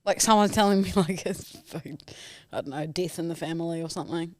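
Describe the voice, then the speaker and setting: A woman with a New Zealand accent co-hosting a podcast, easygoing and quick to banter. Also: on the low side, darkish tone, no echo, clean studio sound. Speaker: podcast co-host. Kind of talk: casual podcast chat.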